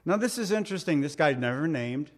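A man's voice: fairly high pitch, expressive, fast. A middle-aged man preaching a sermon as pastor, earnest and conversational, asking rhetorical questions and pleading with light humor.

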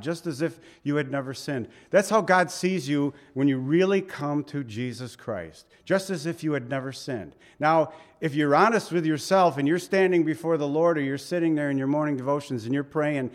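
A pastor preaching a conversational Bible-teaching sermon, opening in prayer and then explaining scripture with emphasis and asides. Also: male voice, fairly high pitch.

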